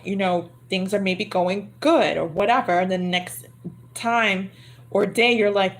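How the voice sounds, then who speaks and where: A woman's voice: medium pitch, measured pace. A woman giving a livestream tarot reading, chatty and murmuring to herself as she repeats her phrases. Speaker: tarot reader. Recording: card shuffling clearly audible.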